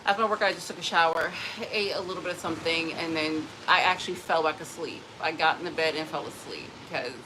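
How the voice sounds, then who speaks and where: A woman's voice: deep voice, quick pace, hardly any pauses, background noise. A woman in a casual personal vlog, rambling emotionally and often restarting her sentences. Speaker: vlogger.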